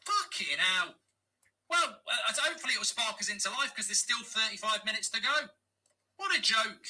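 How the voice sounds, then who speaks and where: A man reacting to a football match live as a fan channel host, exasperated and swearing, often breaking into shouted rants. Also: high-pitched, expressive, slow, pauses often, rough recording. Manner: swearing, exasperated, ranting at the game.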